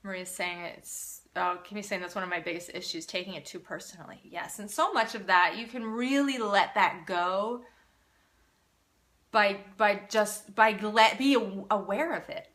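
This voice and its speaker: A woman's voice: medium pitch, normal speed, fairly bright tone. A woman who is a parenting coach, hosting a live Q&A and talking in an earnest, encouraging way, often restarting her sentences. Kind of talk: casual live-stream Q&A talk.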